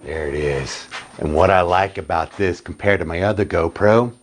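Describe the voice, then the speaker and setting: A man's voice: sits low, normal speed. A man hosting his woodworking channel, chatting casually through an unboxing and narrating what he does as he goes. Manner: chatty, self-narrating, easily amused. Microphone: phone camera. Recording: noisy phone recording.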